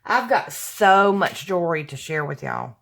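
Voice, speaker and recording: Her voice is lowish and creaky, and she speaks a little slowly while opening a gift package at home at night. This vlogger is gushing and excitable in her casual unboxing chat, gasping, exclaiming and addressing viewers as "y'all."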